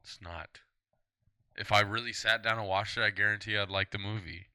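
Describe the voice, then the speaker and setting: A young man co-hosting a podcast in casual chat, teasing his friend in a dry, low-key way. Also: steady tone, normal speed, bright, forceful tone, smooth, dry recording. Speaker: podcast co-host.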